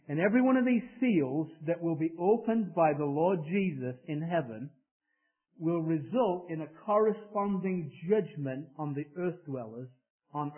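A man from England preaching a sermon in an emphatic style, rising loud and dropping soft. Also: high-pitched. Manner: emphatic preaching with swells and drops in volume. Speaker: pastor. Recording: tinny phone-like sound.

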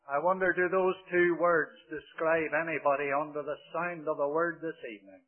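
A man preaching a sermon, swinging from shouted exclamations to hushed, drawn-out phrases. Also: fairly high pitch, fairly even intonation. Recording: tinny phone-like lo-fi recording.

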